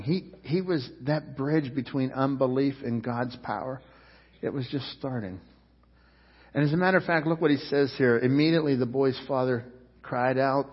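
A man pastor preaches with fervor, his voice swelling loud and then dropping low, often stumbling over repeated words. His slightly husky voice rings with a long reverb through a church sanctuary. The sound is a little dull and muffled. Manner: fervent preaching, rising and falling loudness, repeats words. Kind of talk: sermon.

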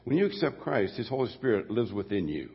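An older male pastor preaches in a folksy, rambling way and often restarts his sentences. His voice is gravelly and husky, with a long reverb trailing behind it. The audio sounds dull and lo-fi. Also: mid-range voice, very animated, brisk. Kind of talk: sermon.

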